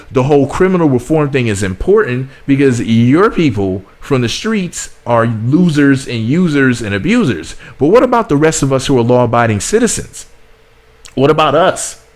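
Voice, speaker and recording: A man's voice: mid-range voice, big pitch swings, moderate pace. A man from the United States delivering blunt, sarcastic political commentary as a vlog host, often repeating himself. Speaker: commentary vlogger.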